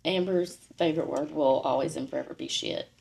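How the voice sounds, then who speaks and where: A woman co-hosting a podcast, chatting casually and chiming in with quick quips. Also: low voice, gravelly, darkish tone. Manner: chiming in with quips, laughs often. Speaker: podcast co-host. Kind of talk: casual chat.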